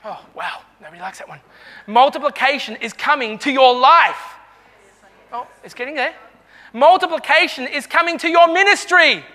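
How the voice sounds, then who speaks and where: A man's voice: extremely high pitch, normal speed, sharp tone, big-room sound. A man preaching a sermon to a congregation, fervent and calling out to the listeners.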